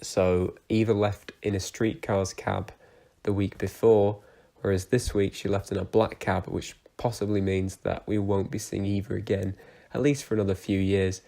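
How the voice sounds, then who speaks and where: A man's voice: lowish voice, level tone, normal speed, creaky, warm tone. A young man giving a casual, rambling review of soap opera episodes, with lots of fillers and restarts.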